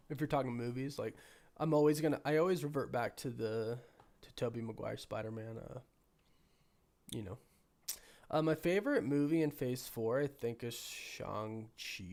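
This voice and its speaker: A man with a cold, hoarse and sniffly, hosting a casual live stream and chatting with viewers while thinking aloud. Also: mid-range voice, darkish tone. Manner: rambling, thinking aloud with many restarts. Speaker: livestream host.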